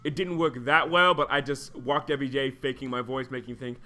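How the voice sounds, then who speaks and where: A young adult man co-hosting a casual podcast chat, laughing a lot and now and then jumping into a squeaky voice to mimic his younger self. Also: steady tone, a little fast, sharp tone. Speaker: podcast co-host.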